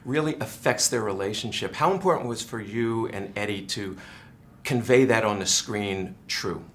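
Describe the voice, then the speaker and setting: Gravelly-voiced entertainment reporter. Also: male voice, lowish voice, moderate pace, slight background noise. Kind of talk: press junket interview.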